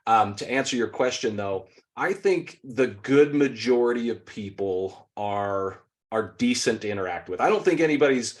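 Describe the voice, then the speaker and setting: A middle-aged man, a sales trainer, telling animated stories in an interview over a video call, acting out quotes and often restarting his sentences. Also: mid-range voice, moderate pace, few pauses. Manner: animated storyteller, acts out quotes, frequent restarts. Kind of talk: conversational interview storytelling.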